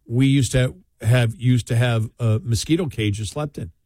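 A man's voice: medium pitch, normal speed, mellow, no echo. A man telling long rambling stories in easy conversation, chuckling as he goes. His voice sits in a middling register. It sounds close and dry, with no room around it. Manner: rambling storyteller, laughs often. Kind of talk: casual chat.

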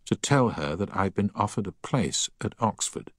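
A man voicing a quiet, troubled teenage boy in an audiobook, speaking low and intense. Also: animated, moderate pace, no echo, clean studio sound. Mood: quiet, urgent. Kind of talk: audiobook character voice.

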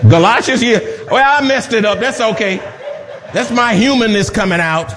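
A man's voice: sits high, animated, a little slow, fairly bright tone. A male pastor preaching a sermon, building emphatic repetitions and slipping in humorous asides. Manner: rhythmic repetition, rising to emphatic peaks. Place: church sanctuary.

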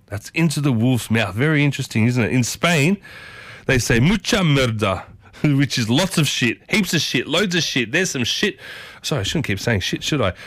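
A man's voice: mid-range voice, lively intonation, normal speed, a bit bright, no echo. A man hosting a community radio show, chatty and enthusiastic, often repeating himself. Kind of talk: casual radio chat. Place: radio studio.

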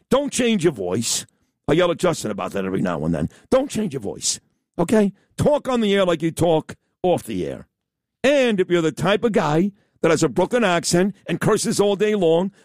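A man's voice: sits high, a little mellow, no room sound, studio quality. A man hosting a radio talk show, talking in a blunt, emphatic, rambling way. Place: radio studio. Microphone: studio mic.

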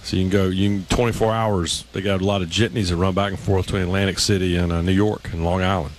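Low-voiced rambling radio co-host man. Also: little pitch movement, fast, a little hiss or hum. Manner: rambling, storytelling with many restarts. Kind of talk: casual radio chat.

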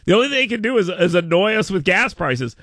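A male radio show host in casual talk radio banter, animated and rambling, often restarting words and stammering. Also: high-pitched, quick pace, no echo, clean studio sound.

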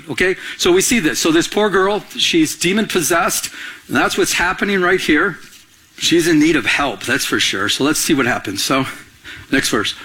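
A middle-aged man preaching a sermon as a pastor, animated and conversational, often asking the congregation questions. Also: sits high, husky.

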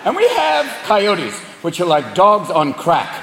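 A man doing a profane stand-up routine, switching rapidly between voices. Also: high-pitched, wildly swooping pitch, gravelly, heavy background noise. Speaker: stand-up comedian. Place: live comedy venue. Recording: echoey live venue, loud crowd.

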